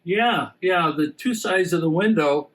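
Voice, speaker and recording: A man calmly explaining the science behind optical illusions during a demonstration. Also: high voice, a little slow, rough recording. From USA. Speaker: science presenter.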